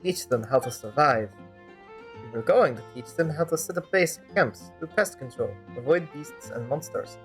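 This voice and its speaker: A woman's voice: expressive, soft background music. A woman voicing a stern, serious male guild leader in a fan-dub, with a mock German-turned-Russian accent. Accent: mock German-Russian accent attempt. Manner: grave, measured, lowered voice. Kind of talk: fan-dub voice acting over gameplay.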